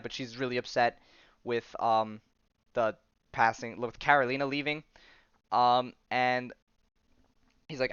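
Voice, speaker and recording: A young man hosts a casual comic recap in a smooth, resonant voice of middling pitch. He rambles with enthusiasm and stumbles through restarts and slangy asides. The sound is dull and lo-fi in a dry, deadened space. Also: a little slow, long pauses, fairly bright tone, dry recording. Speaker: podcast host.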